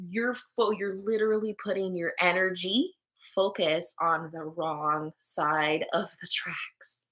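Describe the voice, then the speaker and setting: A young woman with a bright, crisp voice hosts a casual live stream, talking straight to her viewers. She is candid and swears freely, laughs often, and drops in the odd Spanish word. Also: on the low side, steady tone, slow. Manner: mixes in Spanish words. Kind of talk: casual live stream chat about manifesting.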